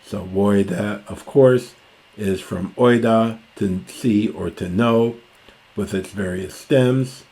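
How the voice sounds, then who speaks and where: A man reading ancient Greek lines aloud and explaining them word by word, with many pauses, fillers and self-corrections. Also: on the low side, warm tone. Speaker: classics lecturer.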